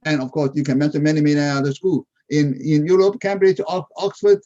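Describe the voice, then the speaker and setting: A man guest professor giving a webinar lecture in non-native English, animated, with rhetorical questions and laughter at his own points, heard over video call audio. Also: a little high, brisk, dull audio. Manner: non-native English with dropped verb endings.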